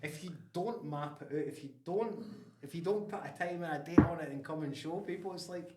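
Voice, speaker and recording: Scottish ayrshire guy hosting a chat, lively and laughy, echoey room. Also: fairly high pitch, a little fast, heavy background noise. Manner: animated, laughs often, restarts, Scots words like aye and wee. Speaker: podcast host. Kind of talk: casual chat.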